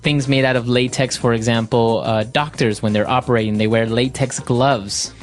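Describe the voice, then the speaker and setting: A man's voice: mid-range voice, steady tone, moderate pace, soft background music. A man co-hosting an English lesson podcast, asking questions and summing up each point. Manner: asks questions and sums up points. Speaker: podcast co-host.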